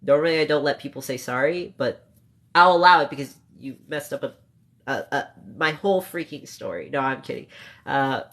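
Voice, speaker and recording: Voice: medium pitch, fairly bright tone. Emotional, rambling livestream storyteller. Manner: rambling and emotional, with playful mock-scolding of chat; swears freely, quick asides and self-corrections. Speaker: streamer talking to live chat.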